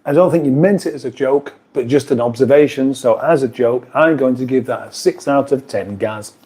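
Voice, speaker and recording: Chatty British man, mellow voice. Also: medium pitch, moderate pace. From United Kingdom. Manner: rambling, chatty, reads out viewer comments. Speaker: live stream host. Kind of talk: casual live chat. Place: kitchen.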